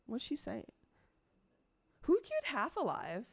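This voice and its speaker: A woman's voice: high voice, wildly swooping pitch, slow, vocal fry, slightly rough. A young woman streaming, chatting casually and rambling to her viewers, swearing freely along the way.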